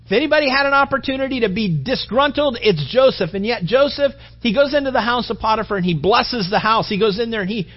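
A man preaching a sermon, telling a story with lively character voices and then drifting into a relaxed personal anecdote full of restarts. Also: extremely high pitch, fairly quick, few pauses, dull audio. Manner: animated storytelling preaching, voicing characters, rising loud then dropping soft; conversational anecdote with fillers and restarts. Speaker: pastor.

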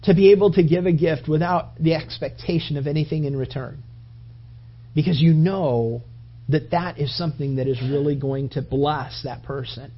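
A male preacher with a fairly high voice, delivering a loose, conversational sermon. He circles back and restarts his phrases as he talks things through with the congregation. The recording sounds dull and lo-fi. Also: steady tone, moderate pace, breathy edge.

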